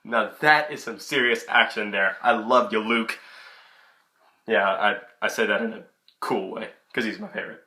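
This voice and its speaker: A man's voice: lowish voice, moderate pace. A young man giving a casual, chatty film review into his camera. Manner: chatty, excitable, many restarts. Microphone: camera mic.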